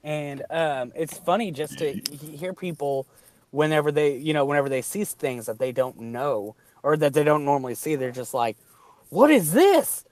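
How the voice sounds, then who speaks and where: Rambling American man with a higher voice. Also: steady tone, normal speed, dry recording. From United States. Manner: rambling, many fillers and hedges. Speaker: host. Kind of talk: casual chat.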